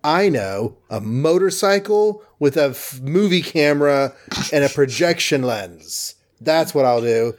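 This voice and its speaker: A man's voice: a little high, lively intonation, unhurried. A man voicing a mild male doctor who mutters his plans to himself. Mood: worried.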